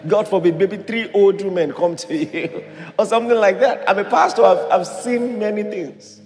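A Nigerian man preaching a sermon as a pastor, animated and acting out voices in his stories. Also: sits high, measured pace, long reverb tail, soft background music.

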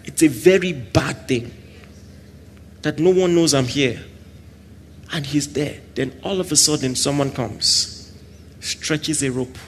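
A man preaching a sermon, swinging between loud exclamations and soft asides and acting out little scenes. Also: a little high, slow pace, pauses often, a little hiss or hum. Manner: acts out little scenes with quoted voices and laughter.

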